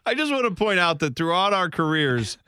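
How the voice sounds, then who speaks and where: A man's voice: sits high, very animated, sharp tone, clear, resonant tone, dry recording. A man co-hosting a radio show in a studio, joking and bantering loosely. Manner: joking, loose, drawn-out pauses. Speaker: radio co-host.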